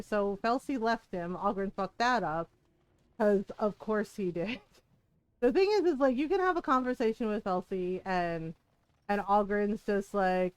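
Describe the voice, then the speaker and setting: A woman gaming streamer giving animated, laughing commentary and swearing freely. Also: mid-range voice, normal speed, clear, resonant tone, no room sound.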